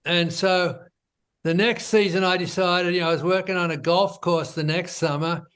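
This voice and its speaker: Speaking at a normal speed in a high, smooth voice, a male business founder tells his story in a relaxed interview, often slipping in "you know" and "right?"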